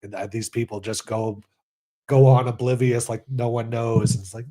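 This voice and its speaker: Male podcast co-host, medium voice, quick to laugh, dark blunt humor. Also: mid-range voice, steady tone. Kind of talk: casual comedic banter.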